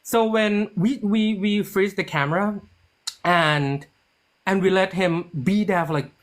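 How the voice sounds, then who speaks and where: A writer and producer of a TV series, speaking in a high, unhurried voice, tells an animated story in a casual interview, acting out the quoted dialogue and frequently restarting with "like."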